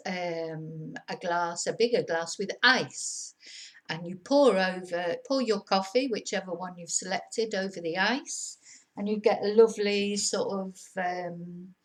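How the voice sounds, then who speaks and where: A middle-aged woman, explaining things in a chatty, rambling lesson, with fillers and small laughs. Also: medium pitch. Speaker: Spanish teacher on own channel. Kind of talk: casual spoken lesson.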